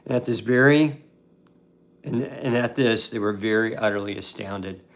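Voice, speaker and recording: A man's voice: fairly low pitch, vocal fry, a little hiss or hum. A man casually retelling a Bible story as a devotional host, talking conversationally with fillers and restarts.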